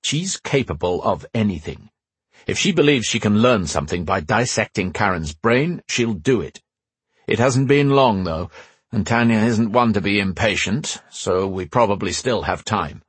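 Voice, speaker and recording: A man voicing a calm, matter-of-fact male artificial intelligence who talks in a measured, analytical way. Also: on the low side, breathy edge, no echo.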